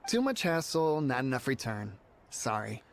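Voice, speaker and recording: A man's voice: medium pitch, sing-song, moderate pace, vocal fry. An actor playing a courteous, businesslike male mineral merchant in a game, hesitant and apologetic. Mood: polite.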